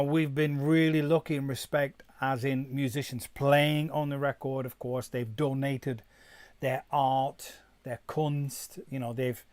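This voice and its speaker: With no room sound in the recording, a middle-aged musician chats loosely on his own live stream in a mid-range voice. He wanders between topics, reads out chat messages, and sometimes switches to German.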